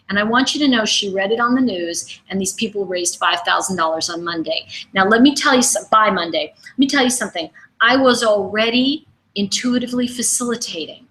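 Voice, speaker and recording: A middle-aged woman coaching in a webinar, telling personal stories and asking her listeners questions in a lively, conversational way. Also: mid-range voice, brisk, poor audio. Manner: animated, conversational, asks the audience questions. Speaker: intuition coach. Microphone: webinar microphone.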